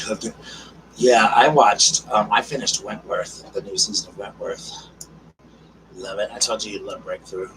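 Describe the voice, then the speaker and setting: Man, casual live stream host, somewhat low voice, affectionate chatty talk, recorded far from the mic. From South Carolina. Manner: chatty and affectionate, calls viewers girl, darling, honey. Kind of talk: casual live stream chat, reading viewer comments. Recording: distant mic with noticeable background noise.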